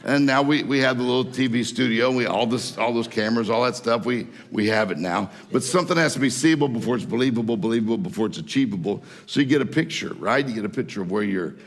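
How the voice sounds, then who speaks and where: Preaching fast with few pauses, a man from Mississippi, USA, speaks as a guest preacher in a church hall, his medium-pitched voice carrying a folksy storytelling style as he laughs at his own jokes. Long church hall reverb fills the recording.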